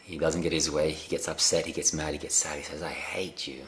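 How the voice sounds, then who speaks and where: A man giving a gentle, unhurried spiritual talk on a live video call, often pausing with fillers and restarting his sentences. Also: extremely low pitch, little pitch movement, a little hiss or hum. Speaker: spiritual teacher.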